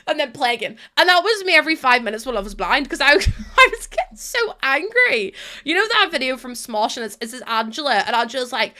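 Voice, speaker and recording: A woman's voice: fairly high pitch, lively intonation, a little fast, bright, forceful tone. A young woman chatting to her stream while playing, ranting animatedly and laughing often. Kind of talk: casual chat while playing a game.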